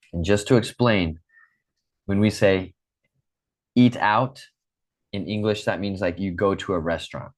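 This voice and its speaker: Low-voiced male English teacher, patient and deliberate, leading repetition drills over a video call. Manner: slow, patient, repeats drills for students. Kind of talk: online English lesson.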